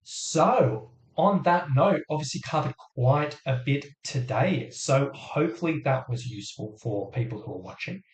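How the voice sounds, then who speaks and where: A man coaching viewers through a live Q&A on a stream, talking casually and step by step with frequent ums. His voice is getting hoarse after a long session. The room gives off a noticeable echo. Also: medium pitch, animated, moderate pace, few pauses. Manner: chatty, explains step by step with many fillers. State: voice going hoarse. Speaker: fitness coach hosting a live Q&A. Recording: roomy echo.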